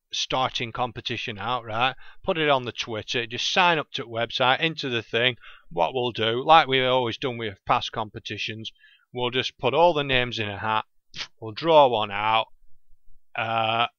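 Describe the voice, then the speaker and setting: Podcast host, Lancashire man, bright clear voice, chatty and rambling, lo-fi dry home recording. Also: mid-range voice, no room sound. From England. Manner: chatty, self-interrupting, loses his train of thought. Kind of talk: casual rambling monologue.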